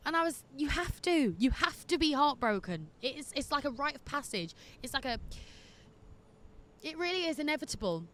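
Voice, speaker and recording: Woman, fairly high voice, chatty advice podcast host, candid, laughs easily. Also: big pitch swings, fairly quick, a bit bright, a little hiss or hum. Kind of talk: casual chat.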